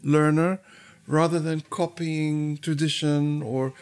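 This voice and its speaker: A man answering interview questions in a studio, in a thoughtful, earnest and measured way. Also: on the high side, steady tone, clean tone. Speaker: guest musician.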